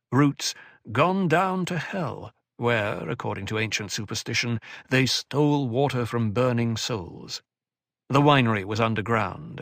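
A man reading an audiobook with scripted narration, in an even, deliberate way. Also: mid-range voice, gravelly, no room sound, studio quality.

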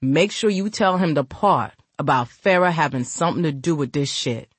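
A woman's voice: deep voice, moderate pace, breathy edge, no echo. A woman voicing a suspicious young man who bluntly accuses a woman in coarse slang. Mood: accusing. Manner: blunt, profane street slang.

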